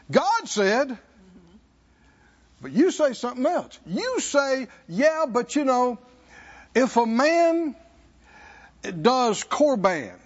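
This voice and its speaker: A man preaches in a high voice. He takes his time and leans hard on key words, stopping to ask the congregation for answers. The recording is dull and lo-fi. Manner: call-and-response preaching, slows for emphasis. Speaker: pastor. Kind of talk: sermon.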